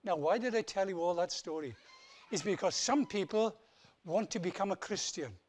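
A man preaching, telling a children's story in an animated, lively way. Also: sits high, normal speed, a little hiss or hum. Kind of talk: children's story in a church service.

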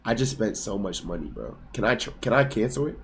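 A man in his twenties livestreaming from home in casual chat, excitable and profane, talking back to his chat and sometimes bursting into yelling. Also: on the low side, a little fast. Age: 20s. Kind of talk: casual live-stream chat.

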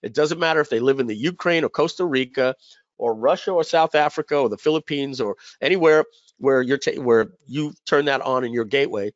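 A man's voice: mid-range voice, fairly quick, no echo. A man hosting a webinar, telling a sales story in a casual, rambling way with lots of fillers and repeated words. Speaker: webinar host. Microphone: webinar call mic. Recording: slightly dull lo-fi audio.

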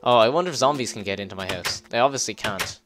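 A man giving casual gameplay commentary, excitable, swearing and laughing as he plays. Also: on the low side, over music. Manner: excitable, swears and laughs, quick yelps when startled. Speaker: let's play gamer.

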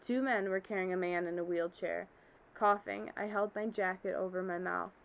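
A man recalls his escape in an earnest, haunted voice, spoken by a woman reading a story aloud. The pitch stays in an ordinary middle range, and the telling is steady and plain. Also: normal speed, vocal fry, close to an everyday voice, low-quality recording. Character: middle-aged man, former office worker, shaken survivor.

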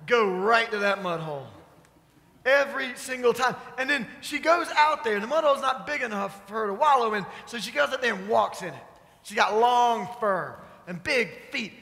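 A man's voice: very high-pitched, lively intonation, normal speed, gravelly, bright, forceful tone. A man preaching a sermon, telling a story in a conversational way and putting questions to the congregation. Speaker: pastor. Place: church sanctuary. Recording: echoey church hall.

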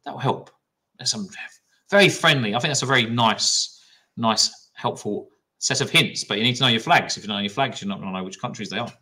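A man's voice: mid-range voice, fairly quick, sharp tone, breathy edge. A young adult man, a teacher running a classroom history quiz and giving pupils upbeat, encouraging praise.

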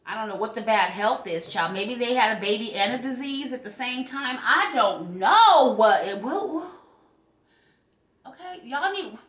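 Brash woman tarot reader, high-ish bright voice, swears freely, echoey room. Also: fairly quick, few pauses. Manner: brash, profane, talks back to her spirits. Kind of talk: casual tarot reading to camera.

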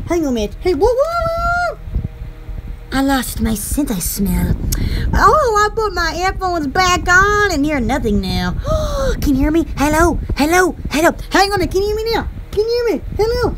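A young woman rambling through a casual vlog, excitable and giggly, her thoughts scattered. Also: extremely high pitch, a little hiss or hum. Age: young adult. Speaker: channel host.

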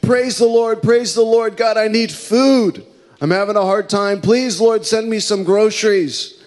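A preacher voicing a bold, devout elderly woman who loudly shouts her praise to God. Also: medium pitch, measured pace, voice pushed up, close to an everyday voice. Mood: pleading. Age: older. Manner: loud, fervent exclamations.

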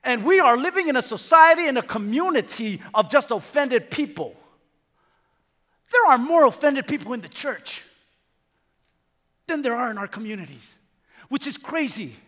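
A man's voice: very high voice, a bit bright. A male pastor preaching emphatically, repeating phrases and stumbling into restarts as he drives his points home. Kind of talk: sermon. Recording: reverberant hall with faint music.

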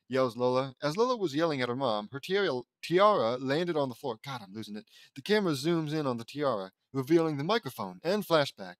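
A man's voice: medium pitch, big pitch swings, brisk, few pauses, dry recording. A man reading a fan fiction story aloud, stumbling over words and breaking off for joking asides. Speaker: audiobook reader.

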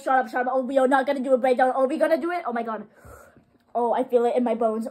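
A woman's voice: on the high side, fairly even intonation, racing, darkish tone. A young woman filming a music reaction vlog, gushing and squealing, repeating "oh my god" over and over.

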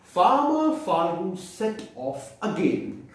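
A man reads a children's picture book slowly, stopping to point out the pictures and quiz the young listeners. His voice is high and swoops up and down a lot. He sits away from the mic in a room full of echo. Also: big pitch swings. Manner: explains the pictures with questions to children. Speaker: storyteller for children. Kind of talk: children's read-aloud. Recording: echoey room, distant mic.

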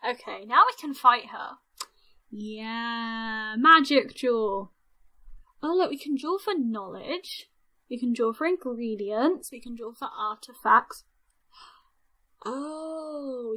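Young woman, gaming host; high, very bright, lively voice with big swings, unhurried pace. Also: poor audio. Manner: excitable, squealing and shouting at game events. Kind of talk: let's play commentary.

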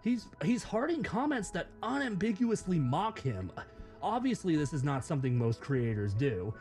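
Guy reading his commentary script, snarky and swearing, voice bounces around a lot, slightly high, faint music behind. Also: very animated, moderate pace, a little mellow. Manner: sarcastic, mocking, profane. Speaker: YouTube commentator.

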